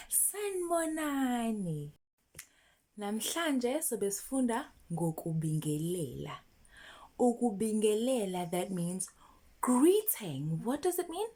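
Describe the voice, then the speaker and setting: Slow sing-song woman teacher. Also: medium pitch, mellow. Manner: slow, sing-song, encouraging repetition prompts. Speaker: isiZulu teacher for children. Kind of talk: children's language lesson.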